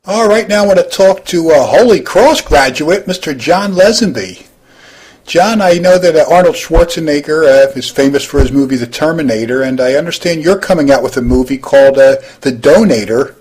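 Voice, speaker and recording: A man's voice: a little high, animated, normal speed, a little mellow, slightly rough. A man hosting a comedy roast, interviewing classmates with lots of hesitant fillers.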